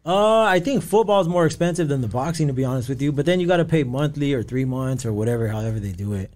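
This podcast guest, a man in his thirties with a Southern California accent, tells casual stories in a fast, lively, slightly mellow mid-range voice. He's easygoing, laughs often, and keeps saying "you know what I mean."

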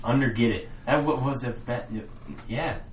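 A young man co-hosting a podcast, trading crude jokes and riffing loudly with lots of laughter. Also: medium pitch, normal speed, distant mic. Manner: loud, laughing, riffing on silly bits. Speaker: podcast co-host. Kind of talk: crude casual banter. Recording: roomy echo, from off the mic.

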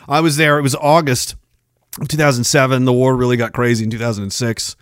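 A Canadian man in his forties, a podcast host telling wild stories in a profane, animated way, laughing often. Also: medium pitch, quick pace, clear, resonant tone, no echo, clean studio sound. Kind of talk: casual storytelling.

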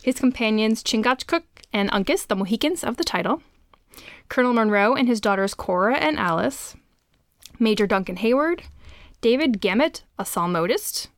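A woman's voice: a little high, animated, moderate pace, dry recording. A woman co-hosting a podcast, summarizing a novel's plot with dry asides in casual chat. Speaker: podcast co-host. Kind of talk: casual book discussion.

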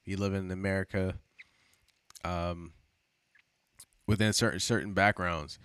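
A man's voice: sits low, fairly even intonation, measured pace, a bit bright, clear, resonant tone, no room sound. A man co-hosting a podcast, talking in a loose, rambling way with lots of fillers and swearing. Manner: rambling, profane, with many fillers. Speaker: podcast co-host. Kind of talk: casual chat.

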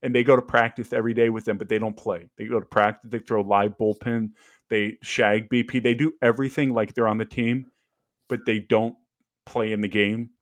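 Brisk and fairly low-pitched, a young man chats casually as a podcast co-host. He's a former ballplayer who tells animated stories, often using fillers and restarting sentences, on a dry recording.

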